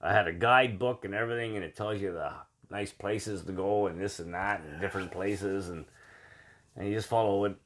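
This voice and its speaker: A man from Canada telling travel stories in casual chat, rambling with lots of fillers and swearing. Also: low voice.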